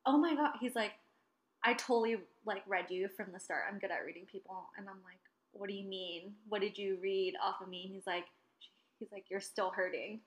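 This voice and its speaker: A woman's voice: medium pitch, moderate pace. A young woman in her twenties telling a story in casual chat, swearing freely and acting out what people said. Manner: animated, swearing, acts out quotes.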